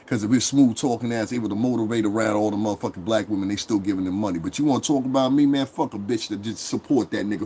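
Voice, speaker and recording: A man's voice: medium pitch, a little mellow, husky. A man delivering a profane, angry, repetitive livestream rant, talking straight to his chat. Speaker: online streamer.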